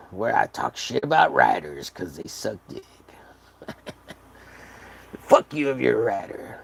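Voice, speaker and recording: A man's voice: lowish voice, sing-song, unhurried, gravelly, pauses often, breathy edge. Foul-mouthed rambling male streamer. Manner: profane, rambling, joking. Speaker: artist streaming a drawing session. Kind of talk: casual livestream chat.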